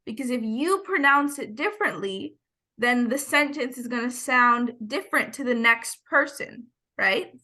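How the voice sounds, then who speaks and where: A woman's voice: a little high, expressive, normal speed, sharp tone. A woman teacher giving patient, step-by-step classroom instructions over a video call.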